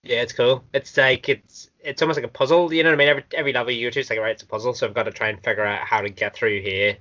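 A man co-hosting a casual gaming podcast. He is chatty and excitable, and laughs often. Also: mid-range voice, racing. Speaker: podcast co-host. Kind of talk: casual chat. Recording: dull lo-fi recording.

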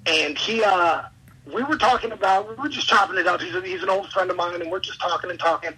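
A man, a wrestler and podcast guest, telling an excitable, rambling story in casual interview chat. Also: sits high, slightly rough, rough recording. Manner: excitable, rambling, quick asides.

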